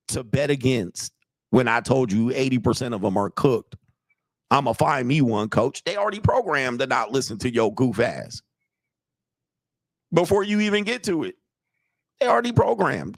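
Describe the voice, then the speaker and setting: An older man reacts to clips with a blunt, swaggering delivery full of profanity. His voice has a gravelly edge at an ordinary pitch. The sound is dry and close, with no room around it. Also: dry recording. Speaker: dating coach reacting to videos. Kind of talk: casual reaction commentary.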